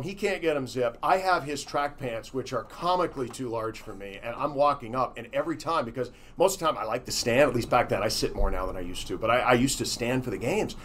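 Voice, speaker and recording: Male hockey play-by-play man, podcast guest, animated raconteur, average pitch. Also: quick pace, few pauses. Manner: animated storyteller who acts out dialogue. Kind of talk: casual podcast conversation, storytelling.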